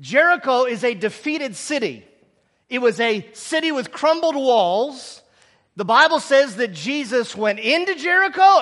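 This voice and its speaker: A man preaches with a very high, ringing voice, hammering each point home and drawing his listeners in with questions. His words trail off into the long reverb of a big hall. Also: fairly bright tone. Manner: repetitive, emphatic, draws in the audience. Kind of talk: sermon.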